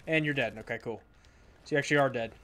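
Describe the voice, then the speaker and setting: A man's voice: mid-range voice, fast, fairly bright tone. A young man giving solo gameplay commentary, exasperated and sarcastic, with frequent outbursts at the game. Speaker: gaming YouTuber.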